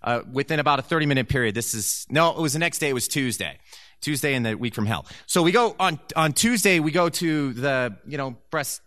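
A man's voice: medium pitch, lively intonation, brisk, fairly bright tone, no echo, clean studio sound. A man of forty, a church elder, sharing his personal testimony in a candid, conversational storytelling manner with touches of self-deprecating humor. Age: 40s.

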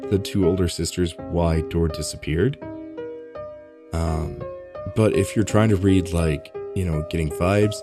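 A man running a tabletop role-playing game as game master, relaxed and full of fillers. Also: low voice.

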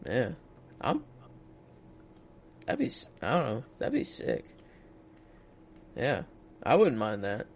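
A young man in casual conversation about a movie, excitable and quick to gasp and exclaim. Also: lowish voice, slight background noise. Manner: excitable, reacts with gasps and 'oh my God'. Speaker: co-host discussing a film. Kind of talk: casual chat.

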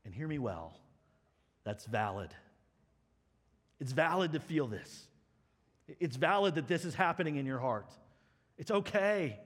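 A man preaching a sermon as pastor, earnest and impassioned, moving between loud outbursts and soft hushed passages. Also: a little high, animated, a little slow, long pauses. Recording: long reverb of a large hall.

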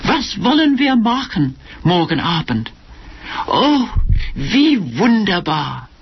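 A man's voice: high voice, big pitch swings, slow, pitched above the performer's own voice, full character voice. A man putting on a gushing young actress. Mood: cooing. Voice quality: gushing, theatrical and breathy-sweet. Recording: lo-fi recording with faint hiss.

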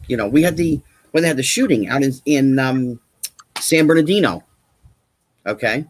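Husky man talking emphatically. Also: mid-range voice, lively intonation, moderate pace. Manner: emphatic, repetitive, rhetorical questions. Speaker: guest. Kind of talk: casual chat.

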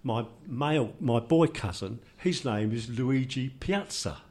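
An older man with a London accent, talking in a relaxed group chat and telling rambling, joking anecdotes. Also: mid-range voice, measured pace. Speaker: discussion participant. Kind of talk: casual group conversation.

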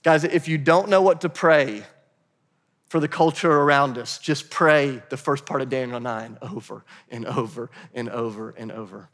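A man's voice: mid-range voice, normal speed, fairly bright tone. A man preaching a sermon as pastor, earnest and direct, speaking straight to his congregation. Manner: earnest, direct, addresses the room as "guys". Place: church sanctuary. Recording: long reverb of a church hall.

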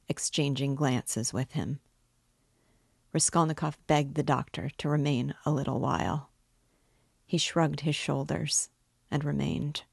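A woman reading a classic novel aloud in a slow, measured way. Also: low-pitched, vocal fry, darkish tone, no echo, studio quality. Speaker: reader and literature guide. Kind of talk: audiobook narration of a classic novel.

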